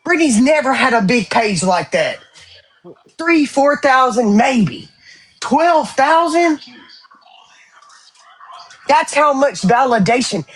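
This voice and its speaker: A woman's voice: a little high, slightly rough. A woman in heated casual live-stream chat, blunt and profane, retelling a quarrel with lots of swearing. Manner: blunt, profane, animated retelling with voiced quotes.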